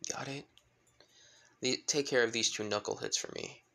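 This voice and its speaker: A man voicing a playful father figure who gently teases, in a fan-made story retelling. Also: medium pitch, normal speed, gravelly. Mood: teasing. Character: teasing fatherly man, jokes about grandchildren.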